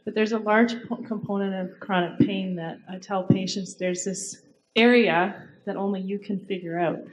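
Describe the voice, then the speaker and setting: A woman health professional on a conference panel, making a point quickly and clearly. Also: medium pitch, steady tone, poor audio. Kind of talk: panel discussion.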